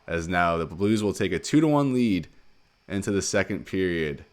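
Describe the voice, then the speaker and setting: A low-pitched man commentates a hockey video game in play-by-play style. He talks through the action quickly and surges in excitement when goals go in. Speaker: gaming commentator.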